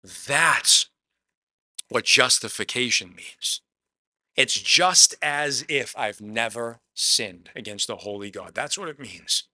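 A man's voice: mid-range voice, expressive, slow pace, pushed and bright, no echo. A man preaching a sermon in a conversational way, acting out the quotes as he tells the story. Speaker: pastor.

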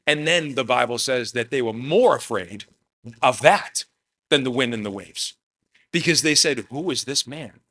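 A man preaching a sermon, telling a Bible story with animated swings from hushed to loud, often adding "man". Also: medium pitch, a little slow. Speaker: pastor.

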